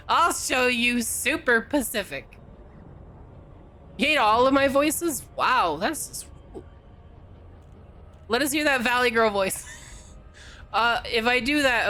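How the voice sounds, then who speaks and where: A woman's voice: fairly high pitch, a little slow, pauses often, pushed and bright. A woman from California streaming a game, chatting casually and teasing her chat in a playful way.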